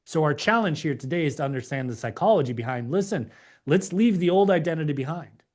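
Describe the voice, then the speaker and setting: A man's voice: on the high side, expressive, fast talker, a little mellow. A man teaching a live online class, emphatic and preachy, acting out the inner voices of doubt. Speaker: course instructor.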